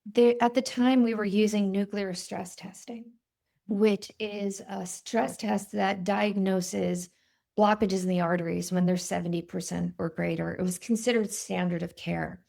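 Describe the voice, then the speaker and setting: A woman in her fifties, a cardiologist guest, telling stories in an interview in a vivid, animated way. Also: medium pitch, unhurried, vocal fry. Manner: animated, vivid storytelling with quoted voices. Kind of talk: storytelling in a podcast interview.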